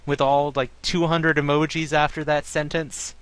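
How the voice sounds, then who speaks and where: A podcast host with a fairly high male voice and a normal pace runs a casual sports talk show. He rants about fans in an animated way, swearing plenty.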